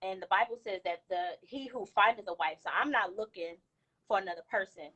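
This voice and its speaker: A woman's voice: medium pitch, brisk, bright, forceful tone, husky. A woman calling into an online chat, talking frankly and thoughtfully about her own experience. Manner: frank, reflective. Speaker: caller. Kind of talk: casual chat. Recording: dull lo-fi call audio.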